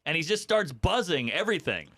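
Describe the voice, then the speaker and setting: A male comedian telling a story on a podcast, with a bright, sharp-edged voice pitched a bit high. He jumps into quoted voices and curses as he goes, animated throughout. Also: fairly quick. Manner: animated storyteller, acts out quotes, swears freely. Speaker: guest comedian. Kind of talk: casual podcast chat, storytelling.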